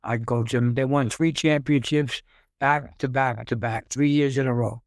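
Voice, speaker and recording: A man's voice: mid-range voice, steady tone, normal speed, dry recording, clean studio sound. A man, a guest coach, telling stories in a casual interview, repeating and stumbling over words as he talks. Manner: storytelling with repeated words and stammers.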